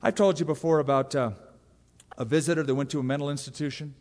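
A man's voice: fairly high pitch, fairly even intonation, fast, darkish tone. Emphatic male preacher in a reverberant hall. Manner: emphatic, conversational preaching with asides. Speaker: pastor. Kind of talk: sermon.

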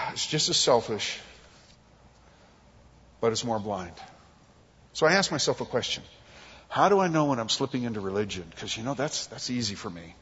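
A man's voice: medium pitch, moderate pace, pauses often, breathy edge, long reverb tail, dull audio. A man preaching a conversational sermon, acting out quotes and jokes from his family life. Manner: animated, conversational, acts out quotes. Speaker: pastor. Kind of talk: expository sermon.

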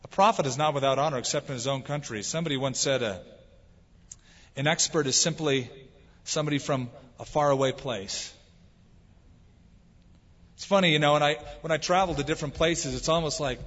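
A man preaches with an emphatic, drawn-out delivery. His voice sits a little high and rings through a long hall reverb. The recording is dull and lo-fi. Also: fairly bright tone. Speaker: pastor. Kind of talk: sermon.

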